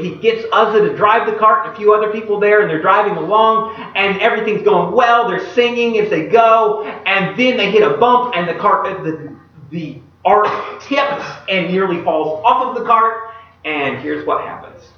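A man preaching a sermon, retelling a Bible story in an animated way and putting questions to his listeners. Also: sits high, moderate pace, a little hiss or hum. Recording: echoey, distant, dull room recording.

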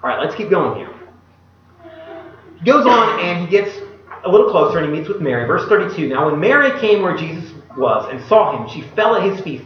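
Man preaching in an echoey hall. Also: high-pitched. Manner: acts out quoted speech in a casual modern voice; drops to a hushed voice at solemn moments. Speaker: pastor. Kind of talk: sermon with scripture reading. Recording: echoey hall, distant mic, dull sound.

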